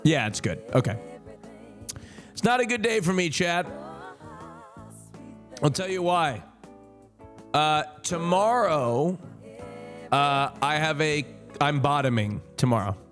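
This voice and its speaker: A man talks slowly to his livestream chat, in a voice that sits a bit high for a man. He rambles and jokes with plenty of fillers, and soft music plays faintly behind him. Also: sing-song. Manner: joking, rambling, many fillers and laughs. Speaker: streamer.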